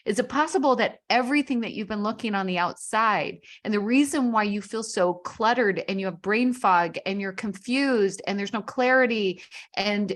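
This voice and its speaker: A woman's voice: mid-range voice, a bit bright. A woman author speaking on a video call, encouraging listeners with a string of earnest, coaxing rhetorical questions. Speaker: author guest. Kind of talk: motivational speaking.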